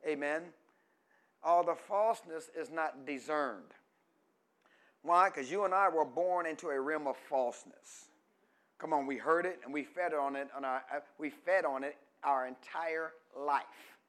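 Emphatic male pastor preaching. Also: on the high side. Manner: rises from quiet teaching to loud emphatic preaching; stretches key words slowly for emphasis. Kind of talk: call-and-response sermon.

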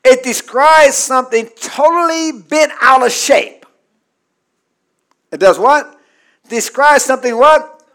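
A pastor with a very high voice preaches slowly, leaving long pauses. His call-and-response sermon has him repeating lines for the congregation to return, swinging between soft asides and shouted climaxes.

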